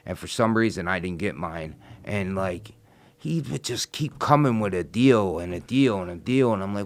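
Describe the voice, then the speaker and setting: Interview guest: middle-aged man, very low voice, blunt and swearing, rambling storyteller. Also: lively intonation, moderate pace.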